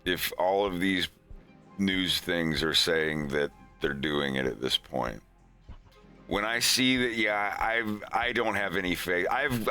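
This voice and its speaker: A man with a deep but sharp, forward voice chats on his stream at a slow, easy pace. He rambles and turns sarcastic, laughing often at his own jokes. Soft music plays faintly behind him. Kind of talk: casual stream chat.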